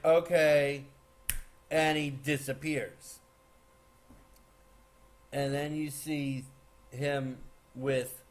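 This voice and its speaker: Slow, rambling man recapping a movie. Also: on the high side. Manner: rambling, excitable, with frequent fillers and restarts. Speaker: movie reviewer. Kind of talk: casual spoiler recap.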